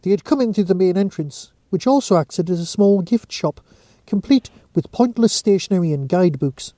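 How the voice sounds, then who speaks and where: High-voiced male storyteller. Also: moderate pace, no room sound, clean studio sound. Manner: steady storytelling. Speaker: narrator. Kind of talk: reading a short story aloud.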